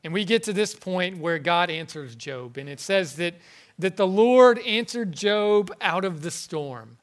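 A man preaching a sermon in an earnest, halting way, often repeating words as he goes. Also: high voice, expressive. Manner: earnest, halting, with frequent word repetitions.

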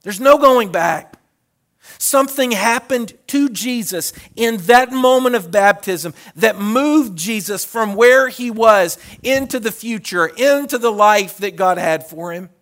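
A male pastor delivers a sermon in a high, animated voice at a slightly slow pace. He swings between loud hollering and quiet tones, often repeating words as he starts phrases over.

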